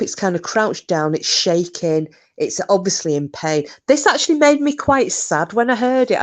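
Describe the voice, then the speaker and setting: Woman, low voice, casual live storytelling, chatty, swears. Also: a little mellow. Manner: chatty, swears, talks to viewers.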